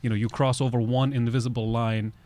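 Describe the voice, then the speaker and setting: A man's voice: mid-range voice, little pitch movement, brisk, mellow. A man who grew up in Russia, hosting a podcast in a loose, conversational way. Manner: conversational, loose, many "you know" fillers. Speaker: podcast host. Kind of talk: casual podcast chat.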